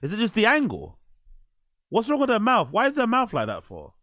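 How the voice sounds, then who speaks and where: Rambling male reaction host, crude, lively up-and-down delivery, dry close sound. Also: sits high, dry recording. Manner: crude, rambling, quick to laugh. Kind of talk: reaction commentary.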